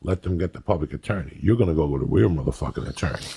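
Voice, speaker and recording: Middle-aged guy telling a story, cursing a lot, deep gravelly husky voice. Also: rapid-fire. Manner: profane, animated storyteller acting out other people's voices. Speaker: podcast host. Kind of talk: storytelling in casual chat.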